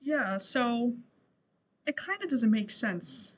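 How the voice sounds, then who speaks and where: A young woman co-hosting a podcast in casual chat, halting often and swearing freely. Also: fairly high pitch, animated, slightly rough. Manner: halting, swearing, heavy on fillers. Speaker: podcast co-host.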